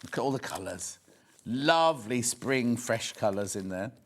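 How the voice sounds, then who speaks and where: A man's voice: medium pitch, animated, unhurried. A man in his sixties presenting a live shopping show, chatting and bantering with viewers while he shows products. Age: 60s.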